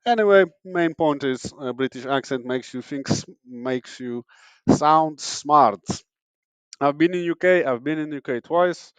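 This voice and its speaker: A man's voice: fairly high pitch, unhurried, clear, resonant tone, no room sound. A young man from Poland, hosting a comedic podcast in a sarcastic, rambling way with many fillers and restarts. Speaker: podcast host. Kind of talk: casual comedic monologue.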